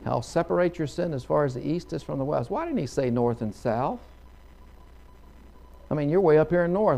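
Gravelly-voiced preacher man telling a folksy story. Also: on the high side, animated, normal speed, long pauses. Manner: folksy storytelling, voices the characters, bursts into loud hallelujahs. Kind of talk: sermon with storytelling.

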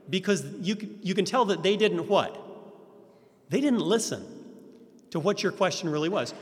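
A man teaching a class on ministry, often putting rhetorical questions to his audience. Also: high-pitched. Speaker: Christian ministry instructor. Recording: echoey hall reverb.

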